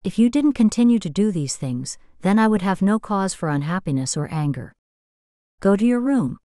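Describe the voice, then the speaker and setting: A woman's voice: medium pitch, lively intonation, moderate pace, mellow, no room sound, studio quality, natural voice. A woman voicing a stern Amish man, a strict uncle who speaks in a firm, controlled way, in a storybook reading.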